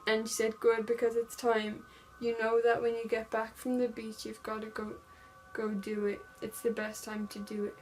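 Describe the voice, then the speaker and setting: A woman's voice: on the high side, monotone, normal speed, hardly any pauses, darkish tone, a little hiss or hum, rough recording. A young woman vlogger casually retelling a true-crime story, reading text messages aloud with lots of "like" fillers.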